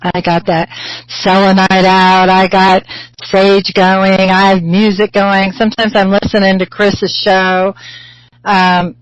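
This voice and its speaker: A woman's voice: medium pitch, little pitch movement, slow, smooth, low-quality recording. A middle-aged woman teaching about spirituality in a rambling, chatty way, with many fillers and restarts. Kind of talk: casual spiritual teaching talk.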